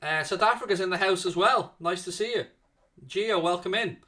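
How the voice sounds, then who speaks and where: A young man with a voice that sits high, talking at normal speed, hosts a live fan watchalong. He calls the play with chatty excitement and reads chat messages aloud in between.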